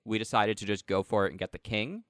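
A man's voice: fairly low pitch, quick pace, fairly bright tone, dry recording, clean studio sound. A man telling a casual story in a chat, rambling and filling gaps with "like" and "um.". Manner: rambling, heavy use of "like" and "um".

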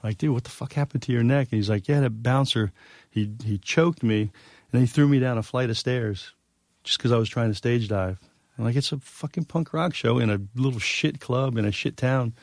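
A man's voice: mid-range voice, fairly quick, darkish tone, no echo, clean studio sound. A man telling a long tour story in a casual chat, rambling and profane, with many fillers. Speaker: guest musician.

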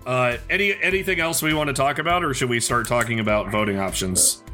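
A man's voice: mid-range voice, quick pace, pushed and bright, soft background music. A man co-hosting a podcast in casual chat, laughing often and chiming in with short remarks. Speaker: podcast co-host.

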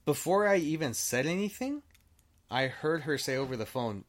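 A man's voice: a little high, animated, normal speed. Casual swearing man telling a story. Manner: swears freely, acts out quoted dialogue; rambling, with frequent restarts. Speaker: storyteller guest.

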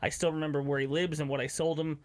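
A man's voice: fairly high pitch, level tone, quick pace. A man co-hosting a casual podcast, telling stories from his car sales days and laughing often. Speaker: podcast co-host.

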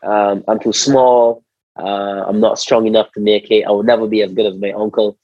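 A man from Barbados with a Barbadian accent, a former cricketer telling stories in a casual conversation, animated, slangy and repeating his words. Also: on the low side, normal speed, no room sound, highs cut off. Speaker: interview guest, former cricketer.

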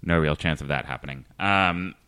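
Very deep-voiced hesitant podcast host. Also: male voice, normal speed, sharp tone, smooth, no room sound. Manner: hesitant, full of ums and uhs. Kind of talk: deadpan comedy podcast chat.

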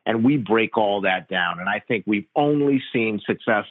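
A man, a physician interviewed as a guest, telling stories in an animated, slangy, casual way. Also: fairly low pitch, moderate pace, no room sound. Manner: animated, slangy, tells stories with quoted dialogue. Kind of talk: casual conversational storytelling. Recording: dry tinny phone-like line.

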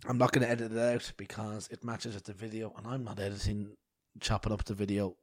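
A man's voice: on the low side, level tone, a little fast, a little mellow, no echo, clean studio sound. A man hosting a podcast, rambling and swearing with mock outrage and a bad cough. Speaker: podcast host. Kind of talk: rambling solo podcast chat.

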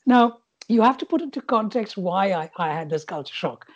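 A middle-aged woman from India with a Bengali-influenced English accent, telling stories as a podcast guest in an animated way, laughing at times. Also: medium pitch, moderate pace, highs cut off. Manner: animated, laughing, with frequent restarts. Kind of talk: reflective storytelling.

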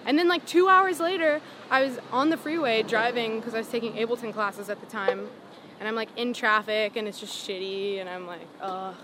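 A young woman tells a story in a loose, rambling way, filling it with "like" and "um" as she acts out what people said. Her voice sits in a middle range. A clear hum of traffic and outdoor noise runs behind her. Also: medium pitch, brisk. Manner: rambling, lots of "like" and "um", animated retelling. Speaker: singer-songwriter guest. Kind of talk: casual interview storytelling.

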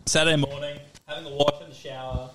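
A man's voice: on the high side, level tone, fast, a bit bright. A man co-hosting a podcast, telling a crude story with lots of swearing and laughter. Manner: swears a lot, laughs while telling stories. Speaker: podcast co-host. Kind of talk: casual podcast chat.

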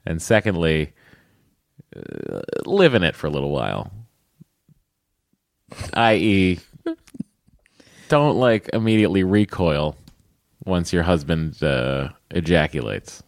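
A man from Massachusetts co-hosting a podcast, reading out a listener email and joking through it with laughs and deadpan asides. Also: low-pitched, slow pace, vocal fry, long pauses, no room sound, studio quality. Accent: thick put-on Boston. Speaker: podcast co-host. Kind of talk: casual comedic chat, reading a listener email.

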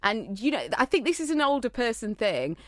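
A woman co-hosting a casual chat, telling stories in a chatty, animated way. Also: on the high side, fairly quick, a little hiss or hum.

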